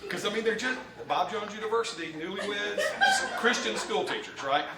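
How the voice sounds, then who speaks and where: A man's voice: high-pitched, a little fast, heavy background noise. Folksy Southern man presenting to a room. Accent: Southern American. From Alabama, USA. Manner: folksy, animated storyteller, laughing often. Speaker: mortgage lender, presenter. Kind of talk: live training presentation with anecdote. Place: conference room with live audience. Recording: roomy hall, distant mic, ambience.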